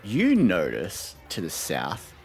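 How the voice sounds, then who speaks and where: Lively low-voiced male game master. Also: slow pace, creaky, faint music behind. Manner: relaxed, hesitant, many fillers. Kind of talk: narrating a tabletop game.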